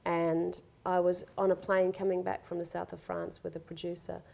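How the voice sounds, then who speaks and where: A woman's voice: fairly low pitch, completely flat delivery, normal speed, vocal fry, dark tone. A middle-aged woman talking candidly as a guest in a conversational interview, open and reflective, often quoting herself and others.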